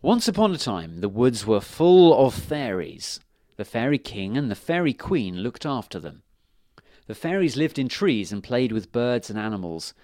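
A man reading fairy tales aloud to children in a lively, expressive way. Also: mid-range voice, normal speed, dry recording, clean studio sound. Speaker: storyteller.

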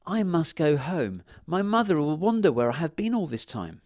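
A man's voice: on the high side, wildly swooping pitch, normal speed, voice pushed up. A man doing a polite little girl.

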